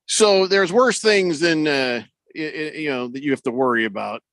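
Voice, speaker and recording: A man co-hosting a radio show, telling stories in a casual, animated way and acting out what people said. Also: fairly high pitch, moderate pace, dry recording. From Irish heritage. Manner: animated storyteller, acts out quotes. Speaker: radio co-host. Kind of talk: casual sports radio banter.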